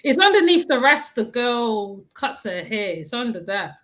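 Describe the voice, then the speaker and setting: A woman hosting a casual chat, animated, repeating herself and laughing often. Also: a little high, unhurried. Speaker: host.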